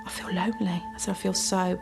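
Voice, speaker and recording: Mum, 40s, documentary interviewee; fry in the voice, weary plain delivery. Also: female voice, lowish voice, steady tone, fast talker. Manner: weary, plain-spoken recollection. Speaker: mother of twins. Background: soft music.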